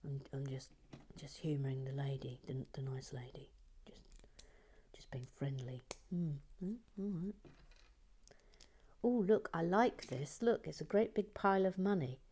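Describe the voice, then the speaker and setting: A woman's voice: low-pitched, unhurried, slight background noise. Whispering playful woman host. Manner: playful, swings from soft whispers to excited outbursts. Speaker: host building bricks and reading chat. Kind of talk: whispered livestream chat.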